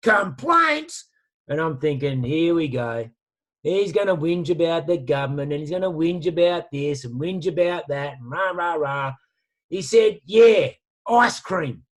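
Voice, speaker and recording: A man speaks with lively, slangy enthusiasm, pitched a little high for a man. He sounds like a motivational speaker telling stories over a video call. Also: normal speed. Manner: animated, storytelling with slang. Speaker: guest speaker. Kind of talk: motivational talk.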